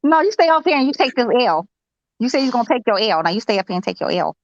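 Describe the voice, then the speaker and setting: A woman host teases her callers in a high, bouncing voice that jumps all over its range. The audio is dry and dull, like a home live stream. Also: sing-song, quick pace, dry recording. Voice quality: teasing, playful. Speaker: show host. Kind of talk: teasing live-stream banter.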